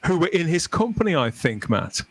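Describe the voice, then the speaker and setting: A man's voice: on the high side, normal speed, dry recording. Dry-voiced man hosting a livestream. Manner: relaxed, amused, sums up the guest's points. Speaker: host. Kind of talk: livestream hosting, reading out comments.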